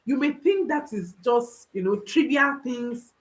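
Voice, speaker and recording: On a low-quality recording, a woman with a high-ish voice and lively intonation speaks a little slowly as a parenting coach. She teaches by repeating key phrases for emphasis and offers listeners direct reassurance.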